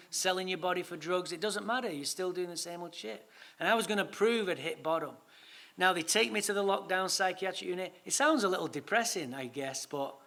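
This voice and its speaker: A man with an English accent tells his story to a recovery meeting, lively and funny, with swearing thrown in. His voice sits high for a man and has a bright, sharp edge. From England. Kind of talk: storytelling talk.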